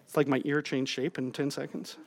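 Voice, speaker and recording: A middle-aged man, a pastor, giving a conversational sermon in a church, joking about himself in animated asides. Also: mid-range voice, a little fast, a little hiss or hum. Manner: humorous, self-deprecating, animated asides. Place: church sanctuary.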